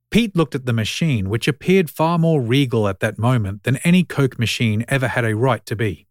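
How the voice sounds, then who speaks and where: A man reads a short story aloud in a steady, mid-pitched voice. His narration is even and wry. The recording is close and dry. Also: normal speed, few pauses, no room sound.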